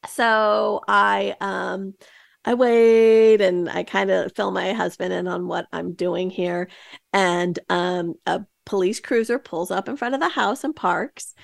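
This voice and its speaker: A woman podcast host spins a casual, rambling story into a close mic, full of fillers and asides. Her voice has a gravelly, fry-edged texture, and the recording is dry with no room sound. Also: medium pitch, fairly even intonation, takes it slowly, no room sound. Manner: chatty, with many fillers and quoted asides.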